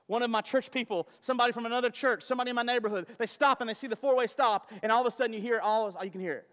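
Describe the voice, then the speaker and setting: A male pastor preaching with a high voice, shifting from forceful declarations to quiet, conversational storytelling. His sermon rings out through the long reverb of a church sanctuary. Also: racing, hardly any pauses. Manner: passionate, storytelling, swings between loud and soft.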